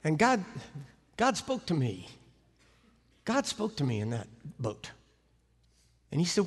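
An American man preaching, telling a story with animated, sudden loud swings and emphatic delivery. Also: fairly high pitch, slow, long pauses, breathy edge. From United States. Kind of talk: sermon storytelling. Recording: echoey hall reverb.

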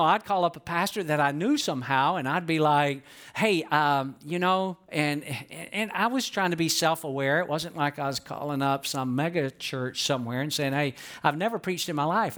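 A man's voice: a little high, moderate pace, fairly bright tone. A man in his thirties, from Atlanta, preaching a sermon with personal stories and call-and-response to his congregation. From Atlanta, Georgia. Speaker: pastor.

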